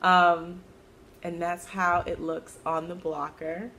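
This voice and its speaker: A woman with a fairly low voice chats casually through her knitting podcast, amused at herself and prone to sudden squeaky exclamations. A faint hiss of background noise sits under the recording. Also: level tone, slow pace, sharp tone. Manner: chatty and self-amused, with sudden high-pitched exclamations. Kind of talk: casual chat.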